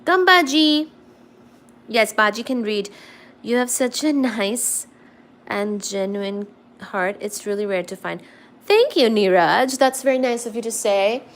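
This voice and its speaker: Woman, high voice, unhurried, casual home livestream, chatty, coos at her cat. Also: fairly bright tone. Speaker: livestream host reading chat.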